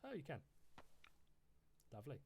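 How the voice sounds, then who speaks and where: A man leading his squad over voice chat in a military simulation game, brisk and swearing when frustrated. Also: medium pitch, huge pitch swings, a little mellow, slightly rough. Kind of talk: tactical radio chatter while playing.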